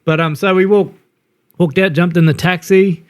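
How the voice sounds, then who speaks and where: Aussie bloke, middle-aged, telling a pub-style yarn on a podcast, a bit higher voice, laughs a lot. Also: male voice, fairly even intonation, normal speed, clean tone. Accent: Australian. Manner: laughing, swearing yarn-spinner. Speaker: podcast co-host. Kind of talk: casual storytelling chat.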